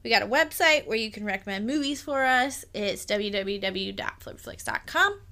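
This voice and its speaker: A woman's voice: mid-range voice, animated, normal speed, pushed and bright. A woman co-hosting a movie podcast in casual chat, giggly and rambling as she reads the plugs. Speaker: podcast co-host.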